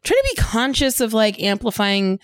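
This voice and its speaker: A woman guest on a podcast in casual chat, animated and self-deprecating, laughing easily. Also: fairly high pitch, normal speed, dry recording.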